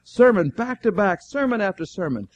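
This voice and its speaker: A man preaching a sermon as an animated storyteller, acting out the dialogue with fervent exclamations. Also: high voice, moderate pace, lo-fi sound.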